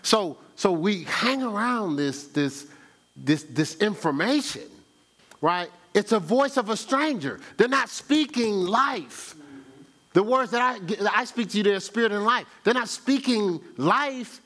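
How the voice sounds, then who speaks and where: A man preaching a sermon, firing rhetorical questions at the congregation and reading scripture aloud. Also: high-pitched. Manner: animated preaching with rhetorical questions and call-and-response; reads scripture aloud in a slow cadence. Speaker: pastor.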